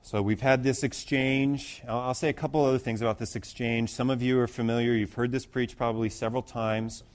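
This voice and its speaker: A man's voice: medium pitch, fairly even intonation, brisk, hardly any pauses. A man pastor preaching through a Bible passage in a conversational way, with restarts and rising emphasis. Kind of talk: expository sermon.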